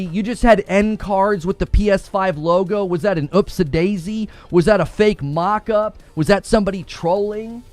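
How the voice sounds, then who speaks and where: A man's voice: high voice, no room sound. A man hosting a gaming commentary show, ranting in a heated, indignant and sarcastic way.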